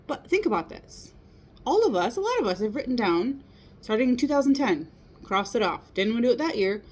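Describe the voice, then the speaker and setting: A woman's voice: high voice, very animated, a little fast, a little mellow. Upbeat woman giving an earnest pep talk. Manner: earnest, encouraging, many rhetorical "right?" asides. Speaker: motivational speaker. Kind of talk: casual motivational talk.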